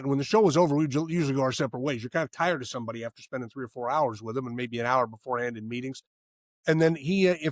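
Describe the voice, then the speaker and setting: A man's voice: medium pitch, dry recording, clean studio sound. A man in his sixties, a former sports radio host, telling rambling stories as a podcast guest, restarting his sentences and laughing as he goes. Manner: rambling anecdotal storyteller, frequent restarts and laughs. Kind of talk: casual storytelling interview.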